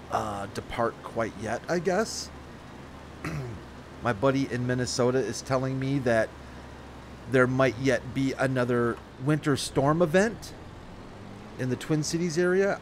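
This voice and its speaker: At home near the Great Lakes, a man with a mid-range voice offers casual gameplay commentary, with a little hiss or hum on the recording. He thinks aloud through the game and drifts into easygoing talk about his life.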